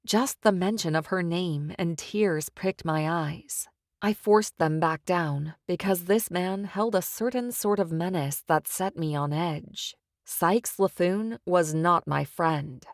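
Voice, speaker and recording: A woman narrating an audiobook in a measured first-person storytelling manner. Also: fairly low pitch, no echo, clean studio sound. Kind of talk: scripted narration.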